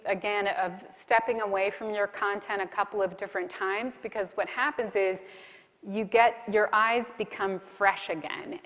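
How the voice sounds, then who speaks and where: Woman giving a keynote in a hall. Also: medium pitch. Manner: friendly, practical, instructive. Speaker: keynote speaker. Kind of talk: conference keynote talk. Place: conference hall. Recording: reverberant hall.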